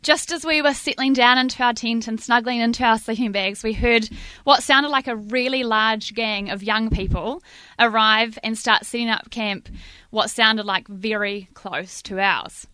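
Bright-voiced New woman telling a story. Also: a little high, clean tone, no echo. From New Zealand. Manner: lively, self-mocking, dramatic pauses. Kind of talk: spoken storytelling to a live audience.

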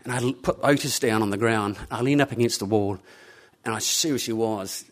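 A man telling a story live to an audience, animated and acting out the people in it. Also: fairly low pitch, brisk.

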